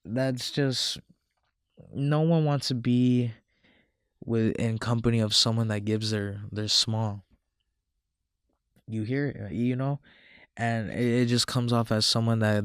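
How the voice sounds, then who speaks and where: A man with a low, flat voice lectures in a loose, slangy way, cursing freely and restating his points. The sound is dry and close, with no room around it. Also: smooth, no room sound. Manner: slangy, profane and repetitive, restating lines and mocking others in quotes. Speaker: self-improvement commentator. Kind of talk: casual monologue to camera.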